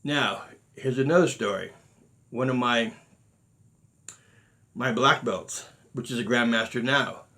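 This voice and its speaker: A man's voice: mid-range voice, takes it slowly, long pauses, sharp tone. A middle-aged man, a martial arts grandmaster, telling stories in earnest with many restarts and quoted exchanges. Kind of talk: unscripted talk to students.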